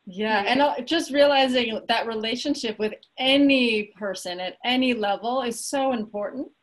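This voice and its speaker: A woman's voice: a little high, normal speed. A woman host reflecting thoughtfully in casual conversation. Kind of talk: casual chat.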